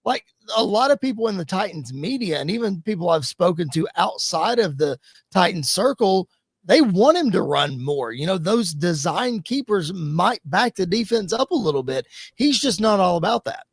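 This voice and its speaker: A man's voice: sits high, very animated, moderate pace, slightly rough, no echo. A man appearing as a guest podcast host, giving earnest sports analysis and repeating his key points.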